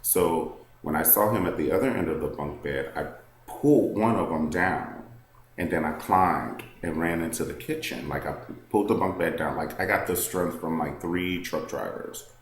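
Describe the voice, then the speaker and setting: A man's voice: low-pitched, normal speed, reverberant, slight background noise. A man vlogging a personal story to the camera, candid and rambling, full of "like" and "um".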